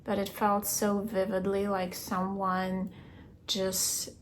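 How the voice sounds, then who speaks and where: A young woman keeping a video diary, recounting a dream in a hesitant way, searching for words and filling pauses with "like". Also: mid-range voice, completely flat delivery, slight background noise. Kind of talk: casual personal storytelling.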